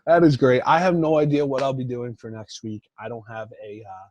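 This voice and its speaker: A man's voice: medium pitch, fairly even intonation, a little fast, a little mellow, no room sound, muffled recording. A young man co-hosting a podcast in casual chat, rambling with lots of fillers and "like"s. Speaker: podcast co-host.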